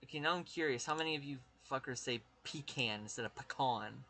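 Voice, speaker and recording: A man's voice: a little high, racing, sharp tone, a little hiss or hum. A man with a Southern US accent, chatting casually with his live-stream viewers, rambling and swearing as he talks to chat.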